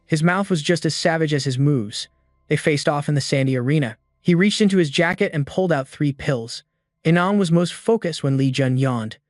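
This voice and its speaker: A man narrating a comic recap with quick, punchy, slang-filled storytelling. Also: on the high side, dry recording. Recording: dry close voice over music.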